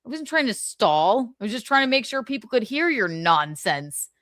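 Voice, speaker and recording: Exasperated female streamer, casual profane rant, lively voice, dry close mic. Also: on the high side, moderate pace, no room sound. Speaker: livestream host.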